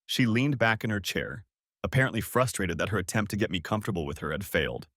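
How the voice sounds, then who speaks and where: A man's voice: fairly low pitch, animated, fast talker, a bit bright, no room sound, studio quality. A man reading a first-person revenge story aloud in a bitter, sardonic manner. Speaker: narrator. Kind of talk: first-person audiobook narration.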